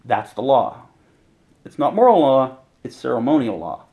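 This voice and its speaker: Gravelly-voiced man teaching scripture casually. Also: medium pitch, very animated, moderate pace, warm tone, poor audio. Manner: conversational, reads scripture aloud and paraphrases in slang. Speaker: preacher.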